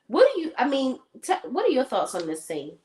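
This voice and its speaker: A woman with a slightly high voice that swings widely in pitch, recapping a TV episode for a streamed talk show. She talks casually and swears freely, throwing herself into acting out the characters' lines as she goes. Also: fairly quick, poor audio. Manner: animated storytelling, acts out characters' lines. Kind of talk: casual chat with profanity. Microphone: remote stream setup.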